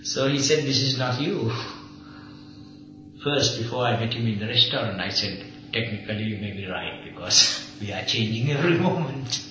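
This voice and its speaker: A man's voice: medium pitch, moderate pace, pushed and bright. A man, a Buddhist monk, telling an anecdote to a small group, often chuckling and acting out the other speakers' lines. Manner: chuckling storyteller, acts out dialogue. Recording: echoey dull old tape, faint hiss.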